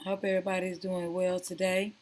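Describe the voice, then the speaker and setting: A woman's voice: fairly low pitch, little pitch movement, brisk, darkish tone. A woman hosting a casual reaction commentary, chatty and sassy, calling viewers honey and girl. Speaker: commentary channel host.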